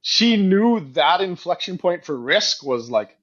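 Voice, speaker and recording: A middle-aged man telling stories in a casual podcast interview, animated and quick to act out what others said. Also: high voice, highs cut off. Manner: animated storyteller, acts out quoted voices, frequent "like". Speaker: guest, company co-founder and CEO.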